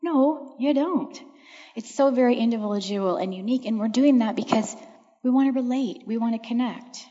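A woman counselor talks to a church audience with earnest, reflective warmth and emphatic repetition. Her voice carries a long echo from a large hall. The recording is dull and lo-fi. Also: a little high, steady tone, brisk. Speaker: counselor answering audience questions. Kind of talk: church talk Q&A answer. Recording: echoey hall, dull lo-fi sound.

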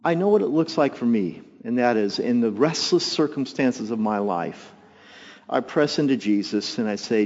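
A man preaching a sermon, telling the story with lively asides and acting out the voices of the people in it. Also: normal speed. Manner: animated storytelling, acts out voices with jumps in pitch and volume. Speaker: pastor. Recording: long hall reverb, dull lo-fi sound.

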